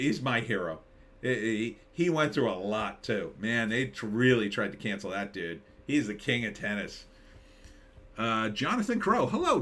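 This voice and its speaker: A man's voice: medium pitch, sharp tone. A man hosting a casual live stream, reading chat and joking sarcastically. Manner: sarcastic, jokey, mocking impressions.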